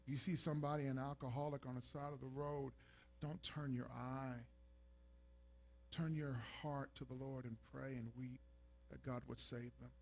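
A man preaching a sermon, building to loud, emphatic peaks and acting out scripture scenes. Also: medium pitch, normal speed, creaky. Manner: builds from calm to shouting intensity, acts out scripture voices.

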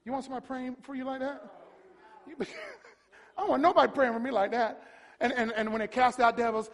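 A male preacher giving an animated sermon, mocking and swinging from hushed to shouting. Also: very high-pitched, brisk, big-room sound.

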